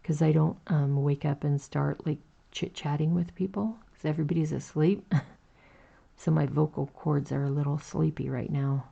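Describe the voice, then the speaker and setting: A woman in her forties with a raspy, low morning voice, chatting slowly and gently with viewers while she crochets on a livestream. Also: fairly even intonation, muffled recording. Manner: slow, gentle, chatty with fillers, reading out chat. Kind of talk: casual chat while crocheting.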